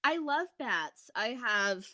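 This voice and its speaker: Bubbly woman co-host with a lively voice. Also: fairly high pitch, takes it slowly, dry recording, studio quality. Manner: bubbly, exclamatory, laughs often. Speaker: podcast co-host. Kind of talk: casual chat.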